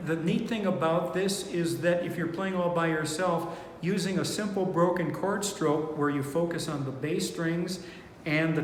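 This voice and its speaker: A man teaching four-string banjo in a relaxed, unhurried way, thinking aloud with fillers as he plays. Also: on the high side, slight background noise. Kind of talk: relaxed online music lesson. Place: indoor room, playing banjo while talking. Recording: echoey room with long reverb, banjo playing behind.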